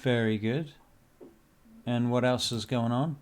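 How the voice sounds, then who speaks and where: A man narrating as game master in a tabletop role-play, pausing often with ums. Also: medium pitch, fairly even intonation, smooth, soft background music. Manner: hesitant, many ums.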